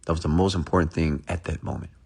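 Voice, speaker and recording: A man voicing a calm, commanding male mentor in a story. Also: a bass voice, fast talker, breathy edge, exaggerated voice.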